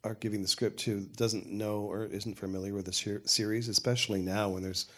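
Low-voiced older showrunner, rambling. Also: male voice, little pitch movement, fairly quick, fairly bright tone. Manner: rambling, self-correcting, frank. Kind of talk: panel Q&A talk.

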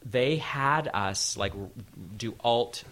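A man talking as guest at a live onstage interview, lively and full of quick restarts. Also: mid-range voice, slight background noise. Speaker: showrunner guest. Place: event hall with audience.

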